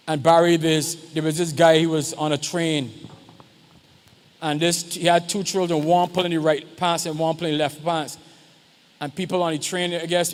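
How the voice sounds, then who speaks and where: A man, a pastor, speaking informally at a church youth service and often checking in with the audience. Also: on the high side. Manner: conversational, keeps checking in with the audience. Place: church hall. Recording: long hall reverb.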